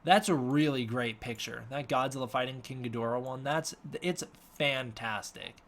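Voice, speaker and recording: Guy on a live stream reading chat questions, offhand and halting, mid pitch. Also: a bit bright. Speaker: host.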